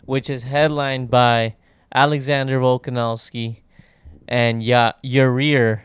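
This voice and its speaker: Male podcast host, easygoing, loose, very smooth resonant voice. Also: medium pitch, little pitch movement, slow pace, dry recording, studio quality. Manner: laid-back, laughing, loose talk. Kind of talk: casual chat.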